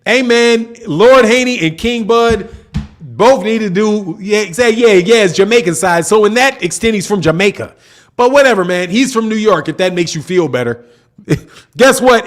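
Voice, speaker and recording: A man with a fairly high voice hosts a casual boxing livestream. He talks in loose slang, laughs often and keeps tacking "man" onto his sentences. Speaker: boxing channel host. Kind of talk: casual livestream chat reading comments.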